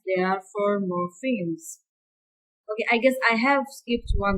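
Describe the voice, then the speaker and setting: A woman giving a university lecture, explaining slowly and repeating key words and examples. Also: mid-range voice, fairly bright tone, low-quality recording.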